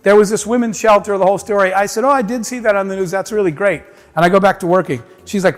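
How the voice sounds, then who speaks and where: Male keynote speaker, animated storyteller, fairly high voice, reverberant conference hall. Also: fast talker. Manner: animated storyteller acting out dialogue.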